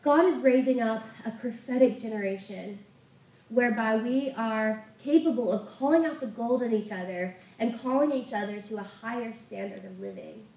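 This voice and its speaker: A woman's voice: on the high side, lively intonation, moderate pace, darkish tone. A woman preaching a sermon, telling a testimony story with passion. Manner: impassioned storytelling. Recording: roomy sound from a distant mic.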